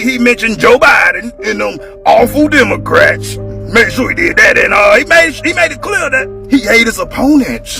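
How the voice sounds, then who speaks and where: Man, comedic ranter: very high, gravelly voice, shouts and sing-songs through a profane tirade. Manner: loud, shouting, sing-song delivery. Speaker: commentator.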